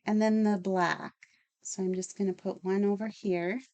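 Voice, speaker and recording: A woman's voice: medium pitch, fairly even intonation, normal speed, a little mellow. A woman hosting a casual card-making tutorial, chatty and enthusiastic as she works. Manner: chatty, enthusiastic, talks while working. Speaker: craft channel host.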